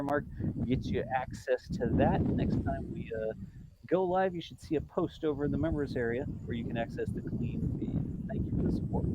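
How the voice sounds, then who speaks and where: A man's voice: a little high, lo-fi sound, noisy background. A man hosting a live stream in casual chat, rambling a little and reading out viewer donations. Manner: chatty and rambling, with frequent fillers and self-corrections. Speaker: livestream host.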